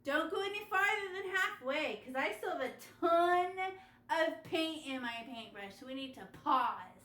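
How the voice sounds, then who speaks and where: A woman teaching children a step-by-step painting lesson over a video call, animated and coaxing. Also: high voice, moderate pace, roomy sound. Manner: animated, gasping with delight, coaxing young kids. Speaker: art teacher.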